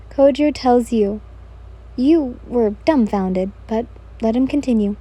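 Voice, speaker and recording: Mellow woman narrating a story. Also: fairly high pitch, takes it slowly, breathy edge. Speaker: fan fiction narrator. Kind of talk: second-person audio story narration.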